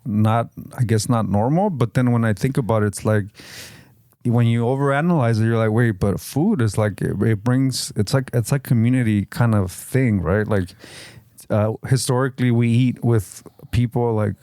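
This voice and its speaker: A man's voice: mid-range voice, normal speed, mellow, no echo, studio quality. A man in his forties with a Chicano English accent, telling stories in a casual, profane way and switching between Spanish and English. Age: 40s. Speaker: podcast host. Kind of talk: casual chat.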